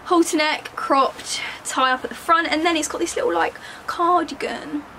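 A woman's voice: sits high, steady tone, a little fast, sharp tone, slight background noise, low-quality recording. A young woman chatting casually in a bubbly, giggly way while trying on clothes at home for her vlog. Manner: bubbly and giggly, joking with viewers. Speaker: fashion vlogger. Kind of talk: casual try-on haul chat.

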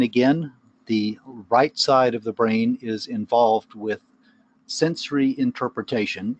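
A man presenting a webinar lecture on the brain, explaining with analogies and casual asides. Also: medium pitch. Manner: conversational, wanders into asides and analogies.

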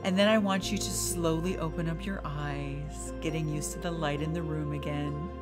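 Woman podcast host, lowish voice, calm guided meditation turning to upbeat coaching, music under her. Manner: slow and soothing in the meditation, then emphatic and encouraging.

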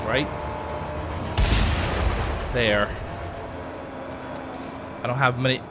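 Male gaming host, let's play commentary, jumpy and excitable, car engines and gunfire clearly heard underneath. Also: medium pitch, unhurried, very noisy. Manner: excitable, panicky exclamations under fire.

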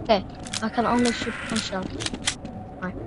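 High-voiced excitable woman gamer. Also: normal speed. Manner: excitable, swearing, shouting at enemies. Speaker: gameplay streamer. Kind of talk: live gameplay commentary. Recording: loud game noise behind voice.

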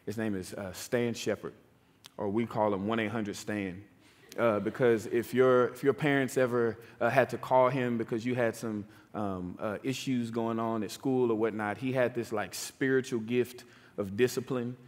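A man's voice: mid-range voice, fairly even intonation, normal speed. Man preaching in a reverberant church. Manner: conversational, with frequent "right?" and "like". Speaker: pastor. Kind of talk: sermon. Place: church sanctuary. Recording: long church hall reverb.

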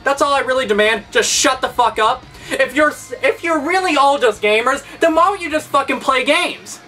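A man's voice: extremely high pitch, normal speed, pushed and bright, far from the mic, faint music behind. A man hosting a gaming video, delivering a heated, sarcastic, profanity-laced rant. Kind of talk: angry rant vlog.

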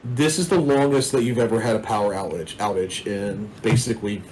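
A man's voice: on the low side, fairly quick, background noise. A man narrating a tabletop role-playing game as game master, in a casual, rambling way with many fillers.

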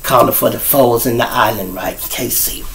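A man's voice: mid-range voice, moderate pace, vocal fry, fairly bright tone, a little hiss or hum, low-quality recording. A middle-aged man, the host, telling street stories in a casual, profane monologue aimed straight at his viewers. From Chicago. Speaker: storyteller host.

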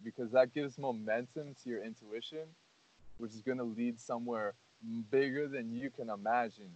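A man's voice: medium pitch, steady tone, normal speed, no room sound. A man hosting a casual podcast, talking earnestly in a rambling way with lots of "like" and "you know". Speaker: podcast host. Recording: dull lo-fi audio.

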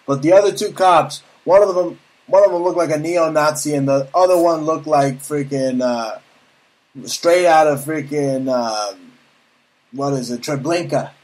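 A man hosting a live talk show, ranting loudly and profanely in long, rambling tirades. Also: on the high side, measured pace, rough recording. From United States. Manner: loud, profane, rambling rants.

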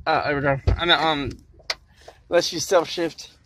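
A man with a fairly high voice answers offhand questions in casual chat. He speaks haltingly and hesitates often, searching for the right words. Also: steady tone, fairly bright tone, slight background noise.

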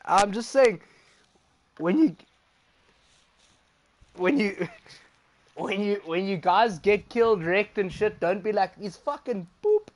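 A man's voice: high voice, takes it slowly, pauses often, no echo. A young man chatting casually while streaming a game, swearing loosely and laughing often. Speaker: gaming streamer.

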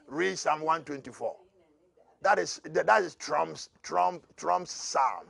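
Gravelly, high-voiced preacher man. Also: animated, takes it slowly, long pauses. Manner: swings from murmuring to shouting, laughs between lines. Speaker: pastor. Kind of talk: prophetic sermon.

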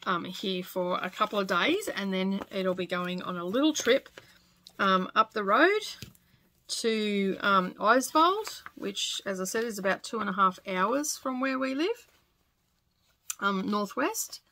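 A woman's voice: mid-range voice, expressive, unhurried, pushed and bright, slight background noise. An Australian woman in her forties chatting casually in her home sewing studio, rambling with lots of fillers. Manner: chatty and rambling, many fillers, with little laughs. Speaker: sewing vlogger. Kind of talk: casual chat.

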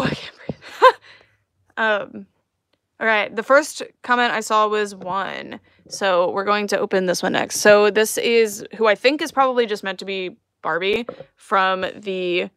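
A young woman talks casually on a home live stream, rambling through her thoughts with frequent fillers and easy giggles. Her voice sits at a middle pitch for a woman. The sound is dry and close, with little room in it. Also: fairly bright tone, dry recording. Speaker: doll collector livestreaming an unboxing.

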